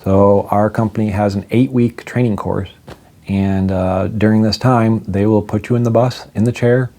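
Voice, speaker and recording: A man's voice: lowish voice, fairly even intonation, normal speed, warm tone. A middle-aged man casually telling a self-deprecating personal story, acting out the people he quotes. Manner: chatty, self-deprecating, acts out quoted dialogue.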